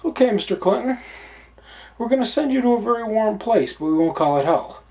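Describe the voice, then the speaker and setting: A stern heavenly gatekeeper hands down judgement, as a man puts him on. His voice is pushed high and loud, with a pronouncing, official ring. It is a joke-telling character. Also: animated, brisk, gravelly. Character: stern male saint judging souls at heaven's gate.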